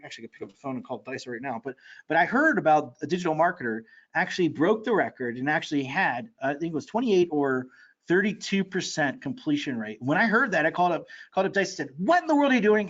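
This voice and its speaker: An excitable man giving an energetic sales pitch for an online marketing course, talking in a rush with many fillers and restarts. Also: highs cut off.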